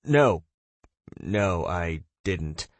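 A man's voice: lowish voice, a little fast, dry recording, lightly acted. A man voicing a dejected young man who mumbles hollowly.

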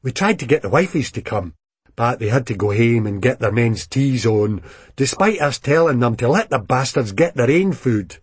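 Husky Scottish man reading a story. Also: medium pitch, normal speed, no room sound. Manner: lively, expressive narration in dialect. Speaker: reader. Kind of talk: reading a first-person story aloud.

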